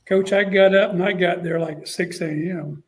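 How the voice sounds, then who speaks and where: Man, middle-aged, animated storyteller, high voice. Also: moderate pace. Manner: animated storyteller, acts out quotes. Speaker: guest, college football coach. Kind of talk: casual storytelling interview.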